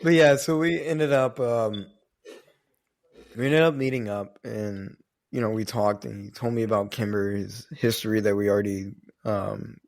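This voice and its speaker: A man's voice: fairly low pitch, fairly even intonation, normal speed, gravelly, a little mellow. A man co-hosting a podcast, telling a story in a rambling, casual way, with many fillers and some swearing. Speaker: podcast co-host.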